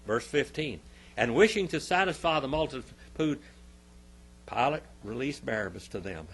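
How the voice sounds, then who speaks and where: Teaching Sunday school at church, this man shifts from emphatic, booming moments to hushed side remarks, often saying phrases twice for effect. His pitch is medium, his delivery expressive, and his speed normal.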